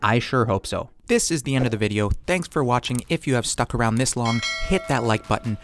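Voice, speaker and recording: A man's voice: medium pitch, a little fast, faint music behind. A man hosting a motorsport video, delivering scripted commentary full of sarcastic jokes. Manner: joking, sarcastic asides. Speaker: YouTube motorsport channel host.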